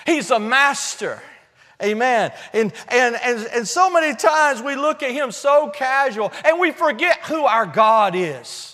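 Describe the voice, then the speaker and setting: A man preaching a sermon with passion, swinging between shouted praise and hushed appeals, with folksy, humorous asides. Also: extremely high pitch, animated, a little slow, long reverb tail.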